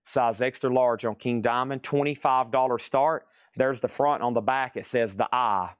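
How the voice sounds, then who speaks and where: Male host for a live-stream sale: smooth, clear voice, dry close sound, brisk patter that repeats prices. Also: medium pitch, no room sound. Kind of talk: live-stream auction selling. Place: record shop.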